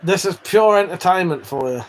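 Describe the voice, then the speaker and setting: A man's voice: high voice, expressive, normal speed, slight background noise. A British man chatting casually with viewers on a live stream, swearing freely and bantering. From United Kingdom.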